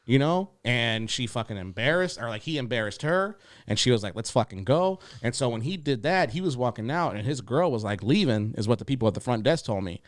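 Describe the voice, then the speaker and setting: A young adult man, a comedian guest on a podcast, telling stories in a laid-back, profane way with lots of fillers, jumping up in pitch to act out quotes. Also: lively intonation, a little fast, few pauses, no room sound, clean studio sound. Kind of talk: casual podcast storytelling.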